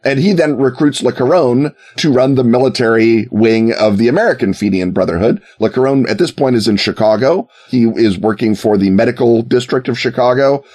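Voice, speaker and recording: A man's voice: medium pitch, brisk, few pauses, a little mellow. Wry man telling history. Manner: wry, joking asides, acts out quotes. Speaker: history podcast storyteller. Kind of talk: casual storytelling.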